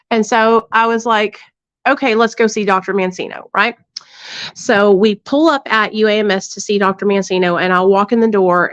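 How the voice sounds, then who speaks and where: A candid woman tells her story in a slightly high voice and swears freely as she talks straight to her listeners. The sound is dry and a little dull, as if recorded close on a basic mic. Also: a bit bright, clear, resonant tone, no echo. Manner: candid and blunt, heavy swearing, conversational asides to listeners. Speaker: livestream host sharing her recovery story. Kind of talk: casual storytelling.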